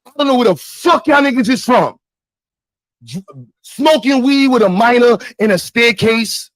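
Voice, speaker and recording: A young man with a Brooklyn accent, ranting angrily to his chat on a livestream, shouting and swearing. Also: very high voice, lively intonation, normal speed, no echo, poor audio. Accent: Brooklyn, New York. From New York. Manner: angry, shouting, profane.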